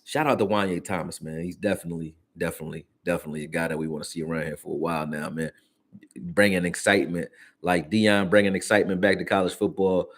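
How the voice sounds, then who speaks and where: A man's voice: sits low, fairly even intonation, quick pace. A man hosting a casual sports reaction stream, talking loosely in slang and answering his viewers as he goes. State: hiccups. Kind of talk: casual live-stream commentary.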